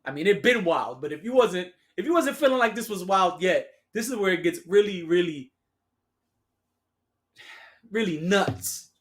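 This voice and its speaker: Solo podcast host, mid-pitched voice, sarcastic and slangy, riffs casually straight to the listeners. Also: lively intonation, normal speed, long pauses. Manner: sarcastic, laughs at own remarks; slangy, addresses listeners as y'all.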